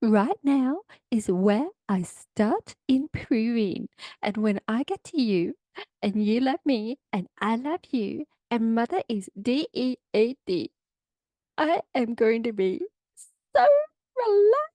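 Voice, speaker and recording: An Australian woman mimicking a gushing, insecure young woman in a high, drawn-out sing-song voice. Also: very animated, mellow, no echo. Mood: dreamy.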